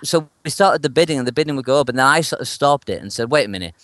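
A man with a mid-range voice tells a story from his street shows in a lively way, acting out each person he quotes. The recording is close and dry, with no room sound. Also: medium pitch, racing, no echo. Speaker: street performer guest. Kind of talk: anecdote told in an interview.

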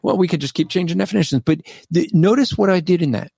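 Animated, higher-pitched male evangelist guest. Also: quick pace, vocal fry, husky, no room sound. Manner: animated, argumentative, recounts debates by acting out both sides. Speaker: guest, ministry founder and street evangelist. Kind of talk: conversational storytelling in a podcast interview.

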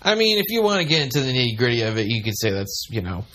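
A man's voice: medium pitch, big pitch swings, fast talker, a bit bright, a little hiss or hum. A man hosting a podcast in casual chat, joking and laughing often. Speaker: podcast host.

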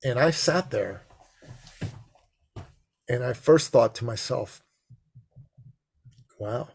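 Man, middle-aged, gravelly, mid-pitched, expressive storyteller, podcast guest. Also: extremely slow. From Persian heritage. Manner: expressive, swings to high excited pitch in quotes. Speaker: podcast guest, business coach. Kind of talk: animated storytelling in conversation.

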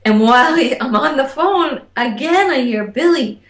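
Woman, interview guest, casual storytelling, animated, mimics quoted voices, echoey room. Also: high-pitched, moderate pace.

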